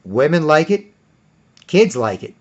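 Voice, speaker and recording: A man's voice: big pitch swings, unhurried, darkish tone. Rambling man on a lo-fi recording. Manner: acts out others in high mocking voices. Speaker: commentator. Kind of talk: rambling monologue. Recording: dull lo-fi recording.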